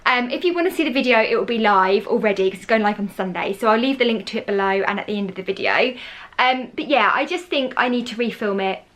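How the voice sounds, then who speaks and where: Speaking quickly in a fairly high, slightly bright voice, this English vlogger chats to camera indoors at home. She rambles in a relaxed way and is self-deprecating.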